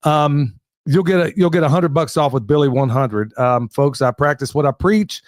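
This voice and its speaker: Laid-back male podcast host, slightly high voice, jokey, dry mic. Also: normal speed, no room sound. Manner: joking, laughs often, addresses folks. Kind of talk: casual podcast chat.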